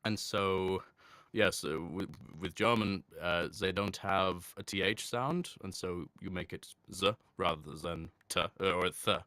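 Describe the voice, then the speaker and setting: Male voice actor, deep register, smooth crisp tone, mostly English accent with slight Edinburgh flavour, relaxed guest Q&A. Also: a little slow, no room sound. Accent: mostly English with soft Edinburgh traces. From Scotland (Edinburgh). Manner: chatty, many fillers and restarts, laughs easily. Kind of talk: casual answering of questions.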